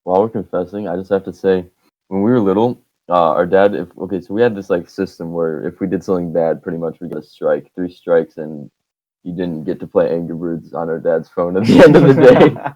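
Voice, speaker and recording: A man's voice: sits low, a little fast, warm tone, dry recording. A teenage man co-hosting a casual podcast with friends, telling stories in a laughing, confessional way. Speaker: podcast co-host. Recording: dull lo-fi dry sound.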